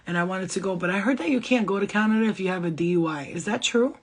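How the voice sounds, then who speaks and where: Brief: woman channeler on a casual livestream, husky voice, quick and blunt, swears freely. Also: mid-range voice. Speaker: spiritual channeler giving a reading.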